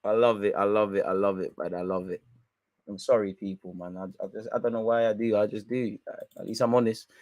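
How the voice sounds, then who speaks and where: A young man giving excitable, banter-filled live reaction commentary on a football match. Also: fairly low pitch, a little fast, no echo, highs cut off. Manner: excitable, banter-heavy, swears. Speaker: football watch-along streamer.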